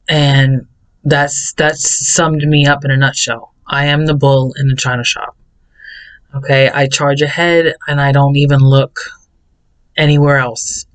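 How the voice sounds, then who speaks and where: A man's voice: medium pitch, poor audio. A man vlogging a personal confessional monologue, rambling and repeating words in bursts. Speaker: self-help vlogger.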